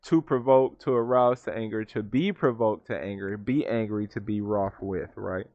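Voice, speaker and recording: A man's voice: lowish voice, moderate pace, no echo, dull audio. A man teaching scripture from home. He reads verses, looks up word meanings and keeps checking in with "right?". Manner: reads verses then defines words, repeats "right?". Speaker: Bible teacher. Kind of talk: scripture study talk.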